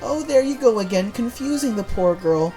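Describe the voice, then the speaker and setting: A man's voice: sits high, lively intonation, moderate pace, warm tone, faint music behind, pitched above the performer's own voice. A man voicing a young female assistant from a game, in a chiding, sing-song way.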